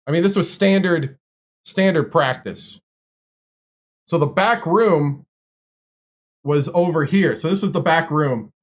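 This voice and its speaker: A man's voice: fairly high pitch, slow, pauses often. A man from Wisconsin, a streamer, telling long stories in casual chat with lots of fillers and restarts. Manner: rambling, filler-heavy storytelling.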